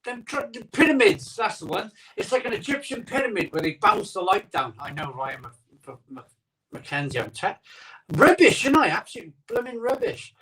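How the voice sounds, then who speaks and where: A rambling, chatty man with a voice that sits a little high for a man. He hosts a casual live stream from his home conservatory and talks into a phone mic. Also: sing-song, normal speed, bright, forceful tone, far from the mic, poor audio. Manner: rambling, chatty, reads out viewer comments. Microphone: iPhone microphone.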